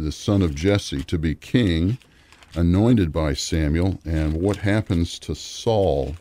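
A man's voice: sits low, warm tone, no room sound. A middle-aged man teaching the Bible on a radio program, guiding listeners through passages and reading verses aloud.

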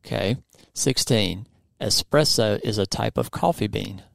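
A man's voice: fairly low pitch, unhurried, creaky, dry recording. A man hosting a podcast in a studio, upbeat and playfully teasing his co-host in casual chat.

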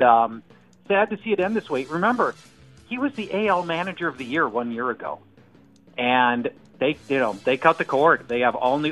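A man's voice: mid-range voice, a bit bright, low-quality recording. Joking, chatty male fantasy football analyst. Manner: joking, thinks aloud with many restarts. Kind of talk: casual sports radio chat.

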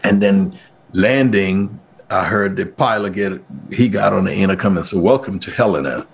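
Guy, kinda low and gravelly, husky too, telling his story all animated in an interview. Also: moderate pace. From Liberia. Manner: animated, acts out quoted speech in a raised voice. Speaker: interview guest. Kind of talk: personal storytelling.

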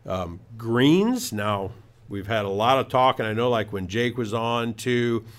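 A man hosts a home improvement talk show in a casual radio style, offering tips in a rambling way full of fillers and restarts. His mid-range voice is animated, and he keeps a measured pace.

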